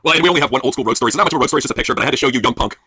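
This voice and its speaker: Male co-host, fast and profane, bright slightly husky tone, dry sound. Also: medium pitch, no room sound. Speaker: podcast co-host. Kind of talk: crude wrestling news banter.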